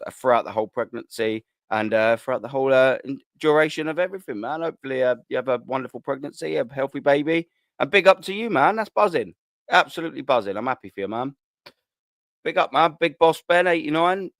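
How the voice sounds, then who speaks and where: A man's voice: medium pitch, no echo, studio quality. Chatty man hosting a live stream. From England. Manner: chatty, shout-outs, slang-heavy, swears freely. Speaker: livestream host reading chat. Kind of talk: casual live-stream chat.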